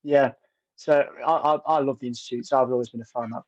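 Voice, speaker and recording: A man's voice: medium pitch, fairly even intonation, a little fast, a little mellow, slight background noise. A young man from a band, chatting casually in an interview and telling stories. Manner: chatty storyteller, uses local slang. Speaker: band member guest. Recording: dry, slightly dull sound.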